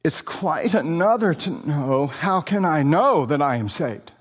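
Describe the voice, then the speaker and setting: A man's voice: a little high, animated, unhurried, breathy edge. A man delivering a sermon in an earnest, emphatic way, recorded in a hall. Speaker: preacher. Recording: long hall reverb.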